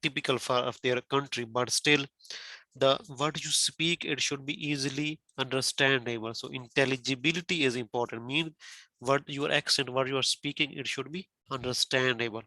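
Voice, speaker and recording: A man's voice: medium pitch, steady tone, normal speed, pushed and bright, no echo. A man whose first language is not English, teaching exam criteria carefully to a student, repeating points and asking questions. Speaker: test prep teacher.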